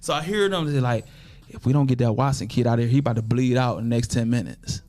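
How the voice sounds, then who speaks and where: Talking fast at a medium pitch, this Toledo, Ohio man is a podcast guest spinning a story in profane, casual street slang. He animatedly voices other people's quoted lines.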